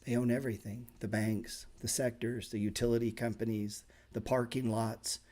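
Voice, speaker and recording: A man's voice: mid-range voice, flat delivery, normal speed, a little mellow. A man in an everyday middle-range voice runs a casual live trading class. He talks bluntly and swears freely for emphasis. He throws in sarcastic asides. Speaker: trading teacher.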